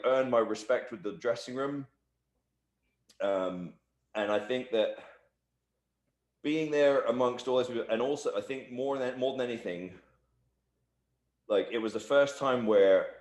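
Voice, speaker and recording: In an echoey room, the interview guest, a professional wrestler, speaks at a medium pitch. His storytelling is casual and wandering, full of "like" and "you know."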